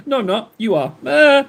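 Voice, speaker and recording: A man's voice: very high voice, creaky. A man hosting a livestream, chatting casually and joking with his viewers, rambling with many fillers and restarts. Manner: rambling, jokey, lots of fillers and self-interruptions. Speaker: livestream host. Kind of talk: casual chat with live chat readers.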